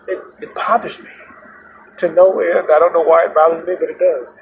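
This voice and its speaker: Rideshare driver and host, animated man, storytelling in a car with road noise. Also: a little high, brisk, vocal fry. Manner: animated, repetitive, laughing at his own story. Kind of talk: casual storytelling. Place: inside a moving vehicle. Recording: noisy moving car.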